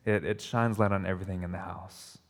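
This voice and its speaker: A man's voice: sits low, steady tone, fairly quick. A man preaching a sermon as pastor, emphatic, often restarting and repeating phrases. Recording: long reverb of a hall.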